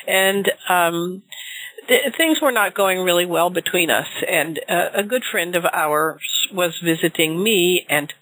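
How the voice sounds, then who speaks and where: A woman's voice: on the low side, unhurried, a bit bright, no room sound, rough recording. A woman hosting an interview, chatty, telling a personal story and asking follow-up questions. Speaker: interview host. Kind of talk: interview conversation.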